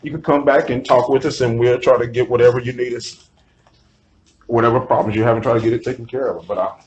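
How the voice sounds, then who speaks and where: A man's voice: mid-range voice, steady tone, fast, muffled recording, slight background noise. A male police officer speaking reassuringly and often restarting his words. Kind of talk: recorded conversation.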